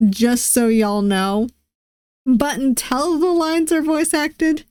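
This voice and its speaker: A woman's voice: a little high, a little slow, a little mellow, no echo, studio quality. A woman streamer reading a visual novel aloud, giggling and poking fun at her own attempts at voices. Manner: giggly, self-deprecating. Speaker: VTuber game streamer.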